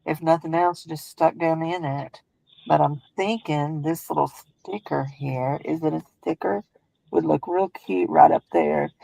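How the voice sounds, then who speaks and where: A woman's voice: low-pitched, fairly even intonation, measured pace, vocal fry, warm tone, dry recording, low-quality recording. A woman with a Southern US accent who hosts a crafting stream, chatting casually in a rambling, folksy way and laughing often. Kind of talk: casual chat while crafting.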